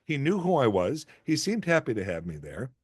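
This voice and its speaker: A man's voice: mid-range voice, moderate pace, husky, no room sound, studio quality. Middle-aged man telling self-deprecating stories. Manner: animated, self-deprecating anecdotes with many restarts. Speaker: actor and guest. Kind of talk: casual interview storytelling.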